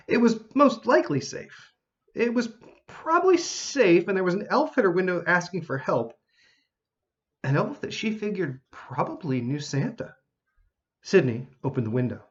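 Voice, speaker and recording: A man reads a children's storybook aloud with an expressive, animated delivery. His pitch sits a little high for a man and rises and falls widely. The recording sounds slightly muffled. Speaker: narrator. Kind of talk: storybook narration.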